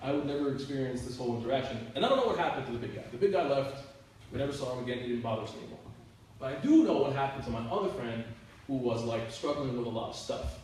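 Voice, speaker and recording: A male youth minister speaks fast and expressively in a mid-range, darkish voice, casually spinning stories for a youth group with many filler words. The mic is far away in an echoey room, with faint hiss.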